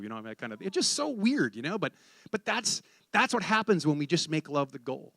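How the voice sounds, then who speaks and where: Male preacher, fairly high voice, dry close sound, storytelling sermon that turns fervent. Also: big pitch swings, brisk, a bit bright, no echo. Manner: storytelling sermon, acting out dialogue; builds to fervent exhortation.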